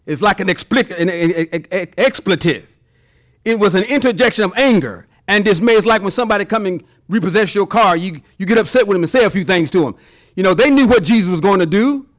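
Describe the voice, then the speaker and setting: A man preaching a sermon to his congregation, folksy and animated, acting out little voices in his examples. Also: high voice, brisk. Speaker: pastor.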